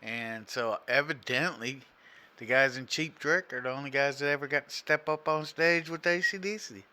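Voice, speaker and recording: A man's voice: mid-range voice, normal speed, sharp tone, clean tone. A middle-aged man co-hosting a casual podcast, rambling through trivia with lots of "you know" and frequent chuckles. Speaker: podcast co-host, father. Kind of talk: casual chat, reading trivia aloud.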